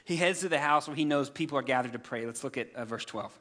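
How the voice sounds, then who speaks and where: A man in his thirties preaching a sermon, telling scripture stories in a lively, humorous way and acting out the characters. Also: mid-range voice, quick pace. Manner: animated storytelling, acts out scripture characters with humor. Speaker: pastor.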